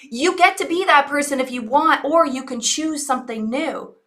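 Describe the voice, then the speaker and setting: A woman's voice: high voice, moderate pace, fairly bright tone. A woman in her forties, an online business coach, earnestly telling a personal story to her audience in a reflective, coaching way.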